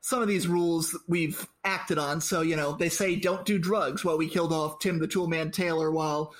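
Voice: medium pitch, fairly even intonation, moderate pace. A podcast co-host adding dry, wry movie trivia in a casual chat.

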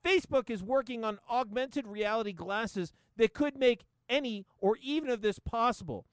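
Casting: male podcast host, high, smooth voice, profane sarcastic rant, dry close sound. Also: normal speed, no room sound. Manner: profane, sarcastic, laughing often. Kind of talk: casual comedic rant.

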